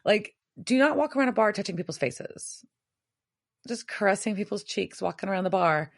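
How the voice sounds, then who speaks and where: Speaking with a medium pitch at a moderate pace, a young woman on a podcast walks through a TV episode, chatting casually. She's a lively storyteller who slips in dry, wry remarks along the way.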